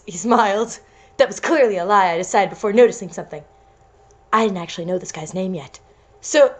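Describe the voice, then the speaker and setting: A woman's voice: medium pitch, fairly quick. A young woman reading amateur fiction aloud for laughs, stumbling over words and breaking into giggles. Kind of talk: comedic read-aloud of fan-style fiction.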